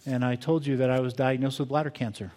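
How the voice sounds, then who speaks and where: An older man preaching a sermon as pastor, earnest and reflective, moving between quiet pauses and emphatic bursts. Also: medium pitch, steady tone. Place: church sanctuary. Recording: long hall reverb.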